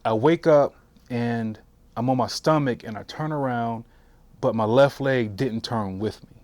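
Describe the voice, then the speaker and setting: A man in his forties, a veteran, telling his story for an oral history interview in a halting way with frequent restarts. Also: medium pitch, darkish tone, dry recording. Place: interview room.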